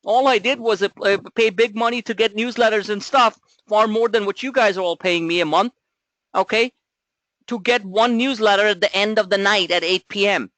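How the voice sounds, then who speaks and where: A man's voice: sits high, normal speed, fairly bright tone, dry recording. A man coaching traders in a live webinar, talking bluntly and emphatically, firing off rhetorical questions and casual swearing. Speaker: trading coach. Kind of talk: live market commentary webinar.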